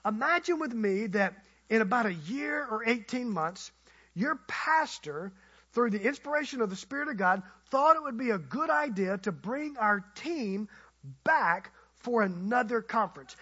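High, bright, husky-voiced man preaching. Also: muffled recording. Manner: animated, conversational, playful with the congregation. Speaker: guest preacher. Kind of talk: storytelling sermon.

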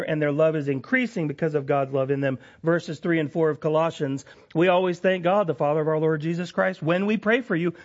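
Pastor guy giving a sermon, kinda high voice, dull muffled recording. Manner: expressive preaching, swinging between emphatic and hushed. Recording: lo-fi dull sound.

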